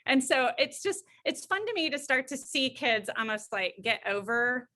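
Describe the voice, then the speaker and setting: A woman's voice: high-pitched, moderate pace. A middle-aged woman, a guest counselor, telling an anecdote and acting out the voices in it. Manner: lively, acts out the voices in her stories. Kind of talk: anecdotal storytelling.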